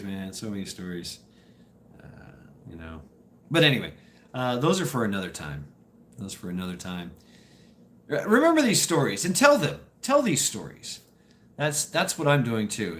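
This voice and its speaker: Speaking at a medium pitch with a slightly bright tone, a man hosting a stream tells casual, meandering stories to chat while laughing and cursing. A little hiss or hum can be heard in the audio.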